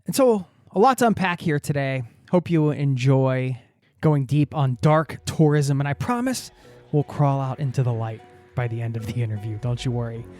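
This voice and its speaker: A man's voice: mid-range voice, animated, normal speed, a little mellow, dry recording, clean studio sound. Male podcast host from the US, friendly and upbeat, faint music bed. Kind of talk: podcast intro and interview.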